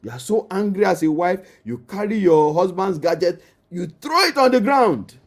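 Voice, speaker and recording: A man's voice: high voice, lively intonation, moderate pace. A man with a Nigerian accent, a marriage counselor giving an emphatic teaching that addresses the listener directly and repeats key phrases.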